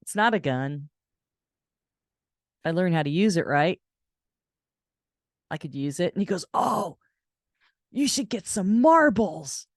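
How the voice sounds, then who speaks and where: A woman's voice: a little slow, long pauses, no echo, studio quality. A woman caregiver telling a personal story in a casual vlog, acting out the voices in the dialogue she quotes. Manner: animated, acts out quoted voices in a higher pitch. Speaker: caregiver and channel host.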